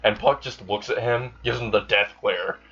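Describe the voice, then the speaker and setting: A man's voice: fairly low pitch, steady tone, normal speed, a bit bright, slightly rough. A man improvising a fan story aloud in a rambling way, with fillers and self-corrections, on a dull lo-fi recording. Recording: dull lo-fi sound.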